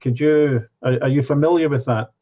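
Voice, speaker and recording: A male interviewer with an ordinary middle-pitched voice. He asks earnest, probing questions at an even pace. The recording sounds muffled and lo-fi. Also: moderate pace. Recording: dull lo-fi recording.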